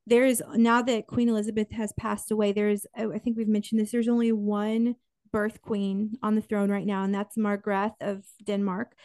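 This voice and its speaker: A woman's voice: medium pitch, flat delivery, moderate pace, darkish tone, no room sound, studio quality. A woman co-hosting a podcast, chatting casually about royal news with lots of restarts and asides. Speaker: podcast co-host.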